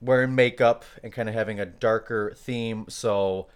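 Smooth-voiced man, halting podcast talk. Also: lowish voice, fairly even intonation. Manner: hesitant, many fillers, loses his place. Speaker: podcast co-host. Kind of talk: casual podcast discussion.

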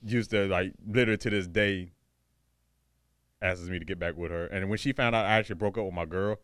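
A man's voice: sits low, fairly even intonation, fairly quick, a bit bright, no room sound, studio quality. A man chatting casually on a podcast, telling rambling, profane stories with laughs. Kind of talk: casual chat.

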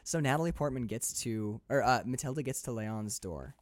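A man co-hosting a casual podcast about films, animated and quick to act out lines from scenes. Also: mid-range voice, no echo, studio quality. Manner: animated, acts out movie lines in quick voices. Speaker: podcast co-host. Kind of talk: casual film discussion.

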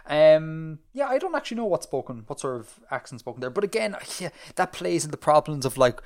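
A man's voice: a little high, fairly quick. Man, podcast co-host, chatty and digressive, loose filler-heavy delivery. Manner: rambling, animated, lots of fillers and restarts. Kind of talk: casual chat.

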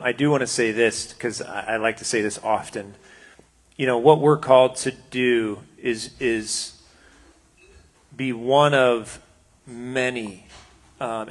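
A man's voice: mid-range voice, fairly even intonation, a little slow. A man who leads a house of prayer, speaking earnestly to a congregation with frequent restarts. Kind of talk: casual remarks to a congregation.

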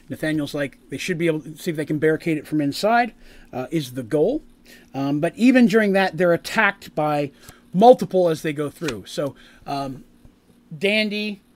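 Male game master, slightly high voice, rambly, filler-heavy, builds drama in narration. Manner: rambling, with many fillers and restarts; rises in pitch and volume for dramatic scene-setting.

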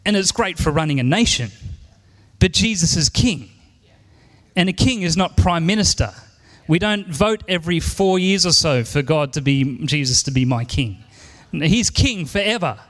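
Australian man, forties, preaching in church, earnest, emphatic, high voice. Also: lively intonation, moderate pace, a bit bright, long reverb tail. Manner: earnest, emphatic, repeats key lines. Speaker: pastor. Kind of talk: sermon.

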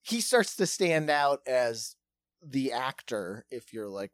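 A man's voice: mid-range voice, very animated, slow pace, dry recording, studio quality. A man from South Dakota in casual conversation as a podcast co-host, chatty and jokey, often trailing off. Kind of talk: casual chat.

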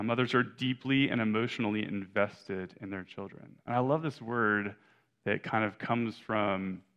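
A man's voice: fairly low pitch, a bit bright. A young adult man preaching a sermon as pastor, in a conversational way, correcting himself and often adding "right?" asides.

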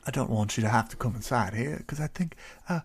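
Stammering man with a gravelly voice. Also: medium pitch, fast talker. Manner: hesitant, stammering, fussy politeness. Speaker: player. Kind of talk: playing a character in a tabletop game.

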